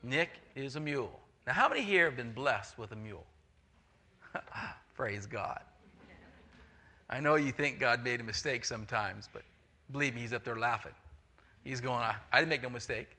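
Bright-voiced man preaching a sermon. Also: mid-range voice, moderate pace, pauses often. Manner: animated storytelling with acted-out voices. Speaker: pastor.

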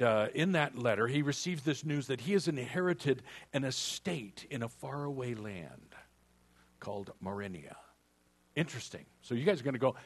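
A man preaching a sermon as pastor, retelling a story in a conversational way with playful asides and acted-out lines of dialogue. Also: mid-range voice. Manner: acts out dialogue voices while retelling.

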